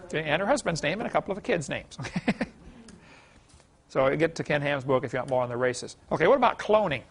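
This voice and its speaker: A man lecturing a class in a folksy, anecdotal way. His voice sits a bit high and has a gravelly edge. He chuckles often and fills his talk with "you know.". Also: animated, quick pace.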